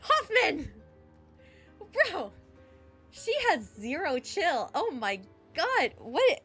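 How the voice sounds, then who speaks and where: A young woman streaming a game reaction, giggly and animated as she reacts out loud in casual chat. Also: high-pitched, takes it slowly, soft background music.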